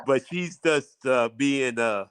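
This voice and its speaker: A man's voice: medium pitch, slow pace, fairly bright tone, clear, resonant tone, no echo, poor audio. A male co-host chatting casually on a talk show, often hesitating, restarting and trailing off.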